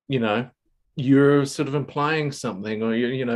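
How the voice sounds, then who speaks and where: A man hosts a casual group call in a medium-pitched voice. He thinks aloud, full of "um"s, "you know"s and restarted sentences. The sound comes through a video-call mic. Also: steady tone, moderate pace, darkish tone. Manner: thoughtful, full of fillers and restarts. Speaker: host. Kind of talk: casual panel discussion.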